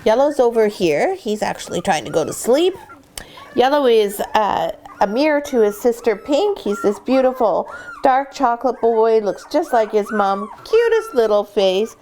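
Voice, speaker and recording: A woman's voice: fairly high pitch, big pitch swings, moderate pace, slight background noise. Woman breeder coaching puppy care. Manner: warm coaxing voice with the puppies. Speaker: dog breeder. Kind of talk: instructional vlog, talking to puppies. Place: sitting in a whelping box with puppies.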